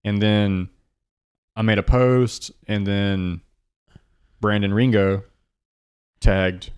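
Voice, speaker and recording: A man hosting a casual podcast chat, talking in a brash, profane and excitable way. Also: on the low side, extremely slow, smooth. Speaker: podcast host and drummer.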